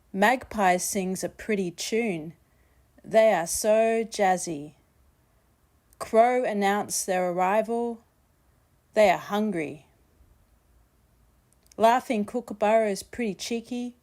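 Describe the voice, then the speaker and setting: Slow woman reading a storybook. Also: medium pitch, darkish tone. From Australia. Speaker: children's book author. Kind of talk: reading a children's story aloud.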